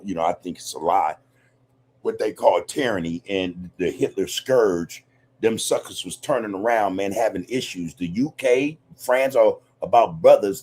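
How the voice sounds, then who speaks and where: A man holds forth on his podcast in a loose, rambling monologue, leaning hard on his points. His voice sits low and sounds husky. He fills his talk with street slang and constant asides. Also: darkish tone. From United States. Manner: rambling, emphatic, streetwise slang, lots of "man" and "you know". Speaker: podcast host. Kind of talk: casual livestream monologue.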